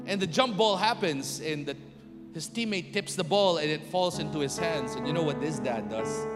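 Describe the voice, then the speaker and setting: A middle-aged man with a fairly high voice tells an audience a personal story at a moderate pace. He's animated, acting out the scenes and doing the voices. The recording has long reverb and music playing behind him.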